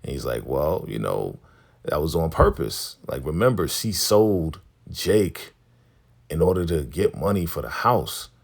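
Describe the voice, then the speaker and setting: Man, very low and gravelly, casual TV recap vlogger, loose conversational retelling. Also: very animated, measured pace. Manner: retells scenes conversationally, quoting characters loosely.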